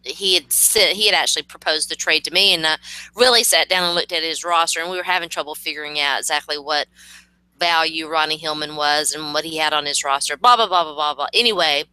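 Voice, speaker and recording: A woman co-host chatting casually and poking fun at herself. Her voice is bright and crisp, slightly low-pitched. The sound is dry and close. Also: steady tone, a little fast, no room sound, rough recording. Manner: self-deprecating, chatty. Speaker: podcast co-host. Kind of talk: casual chat.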